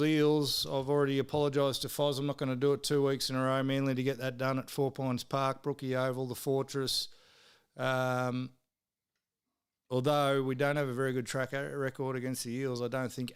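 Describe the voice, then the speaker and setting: A man's voice: medium pitch, flat delivery, moderate pace, clear, resonant tone. An Australian man hosting a casual live stream, tipping footy games and freely swearing while he teases his mates in the chat.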